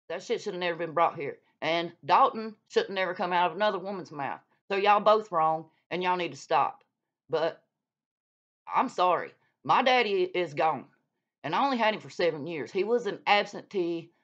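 A woman's voice: lowish voice, fairly bright tone. Blunt, cussing woman. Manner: blunt, profane, scolding. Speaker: YouTube vlogger calling out another creator. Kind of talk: heated casual rant. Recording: dull lo-fi sound.

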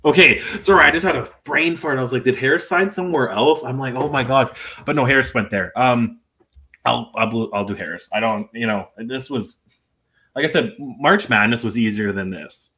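A man's voice: medium pitch, moderate pace, bright, forceful tone. Rambling, nervous-sounding podcast man. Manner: rambling, self-deprecating, restarts often. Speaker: podcast co-host. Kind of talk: casual sports podcast talk.

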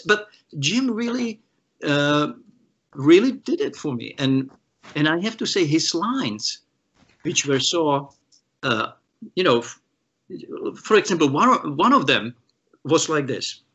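A man from the Czech Republic, a guest guitarist, telling animated stories in an interview and acting out the voices of the people he quotes, with many restarts. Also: fairly high pitch, moderate pace, husky. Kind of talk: storytelling in an interview.

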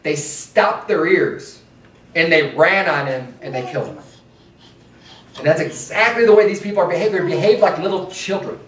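A man's voice: fairly high pitch, normal speed, a bit bright, echoey room, distant mic. A man preaching a sermon in a church in a loose, conversational way, mocking his opponents with chanted slogans. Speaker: pastor. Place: church sanctuary.

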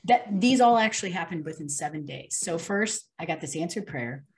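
Low-voiced woman telling a personal story. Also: lively intonation, fairly quick. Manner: earnest, with many fillers and restarts. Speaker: interview guest.

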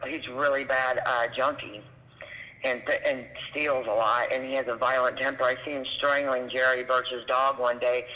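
A man calmly recounting something he witnessed, in a plain, matter-of-fact way. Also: mid-range voice, moderate pace, long reverb tail, rough recording. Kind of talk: recounting a past event.

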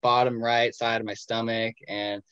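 A man's voice: medium pitch, flat delivery, moderate pace, fairly bright tone, smooth, no echo, muffled recording. A man in his twenties telling his own story in a casual, self-mocking way on a video call. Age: 20s. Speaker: patient sharing his story.

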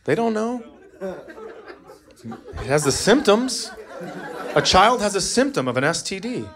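Stand-up comic, middle-aged man, brash and profane, slightly high voice, club crowd roaring. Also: big pitch swings, takes it slowly. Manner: brash, profane, mock-exasperated. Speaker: stand-up comedian. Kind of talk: stand-up comedy set. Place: comedy club stage. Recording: live club recording with crowd laughter. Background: audience laughter.

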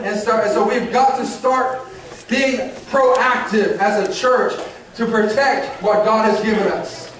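A man preaching a sermon as lead pastor, earnest and repetitive, urging and making promises to his congregation. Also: sits high. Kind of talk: sermon to children and adults. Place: church sanctuary. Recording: echoey church hall, mic at a distance.

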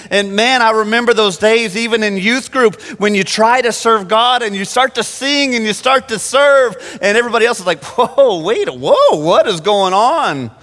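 Male pastor, high pitch, animated sermon delivery, echoing sanctuary. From Phoenix. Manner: animated preaching with frequent restarts. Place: church sanctuary. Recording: long church-hall reverb.

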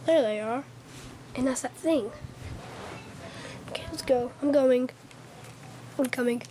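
A woman performing a homemade fan skit, voicing every role herself and jumping between high and low voices as the characters squabble. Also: a little slow, mellow, a little hiss or hum.

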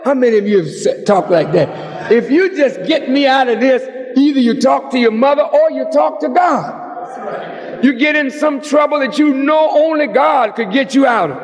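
A man delivering a sermon, preaching dramatically and rising to shouts. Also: extremely high pitch, lively intonation, normal speed. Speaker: minister. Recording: long hall reverb.

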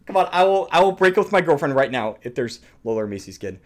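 Hyped young man yelling and swearing. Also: a little high, very animated, fast. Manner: loud, swearing, hyped outbursts. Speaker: streamer reacting to a game trailer. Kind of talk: excited reaction commentary.

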